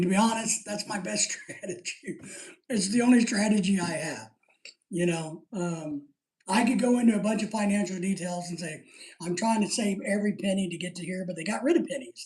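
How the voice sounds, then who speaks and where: A man's voice: high-pitched, a little mellow. Man, middle-aged, live stream host, casual rambling chat, jokey, laughs often, roomy echo.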